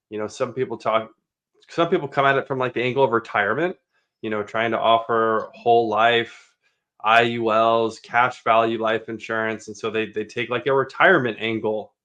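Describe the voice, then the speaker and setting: A man co-hosting a sales podcast, telling stories in a casual, animated way and acting out sales pitches. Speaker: podcast co-host.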